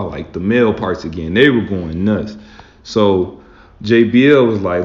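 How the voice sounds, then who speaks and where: A man's voice: lowish voice, lively intonation, measured pace. A man hosting his own casual commentary as a wrestling fan, talking loosely and rambling with lots of "man" and "like". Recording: roomy, dull lo-fi sound.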